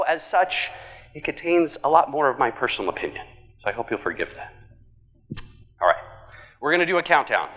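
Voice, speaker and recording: A man giving a conference keynote, talking in an animated, conversational way and tossing in jokey asides. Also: medium pitch, long reverb tail. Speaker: conference speaker. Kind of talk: keynote presentation. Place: large conference hall.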